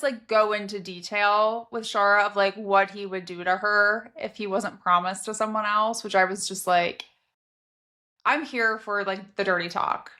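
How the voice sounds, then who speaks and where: Woman podcast co-host, bright voice, enthusiastic casual chatter. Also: mid-range voice. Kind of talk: casual book chat.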